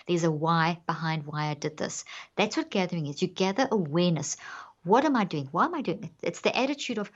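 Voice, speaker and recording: A woman's voice: medium pitch, expressive, brisk, muffled recording. A woman guest on a podcast interview, explaining earnestly and acting out inner self-talk as examples.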